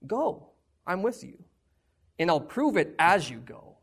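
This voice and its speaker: A man preaching, voicing God as a calm male authority who speaks reassuringly and insistently to Gideon. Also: sits high, slow, gravelly, husky, full character voice.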